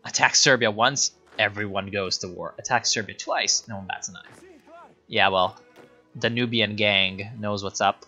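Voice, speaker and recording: A young gaming streamer whose first language is Italian jokes around and chats casually while playing a strategy game, reading out messages from his chat. His voice is fairly low and sharp, with a steady tone at normal speed. The audio is dull, with soft music in the background.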